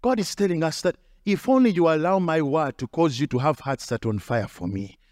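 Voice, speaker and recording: High-voiced preaching pastor, dry sound. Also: male voice, lively intonation, fairly quick, darkish tone, no room sound. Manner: emphatic preaching with repetition and acted quotes. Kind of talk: sermon.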